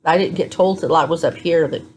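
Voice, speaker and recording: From a hospital room, a tired-sounding woman with a low voice talks to her phone camera a little fast. Like a vlogger keeping it real, she tells her story bluntly and candidly in casual chat.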